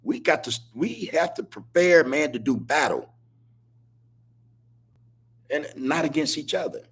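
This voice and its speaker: Husky man preaching on a live podcast. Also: medium pitch. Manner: preachy, repetitive street talk, laughs as he speaks. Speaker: podcast host. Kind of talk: live-stream podcast monologue.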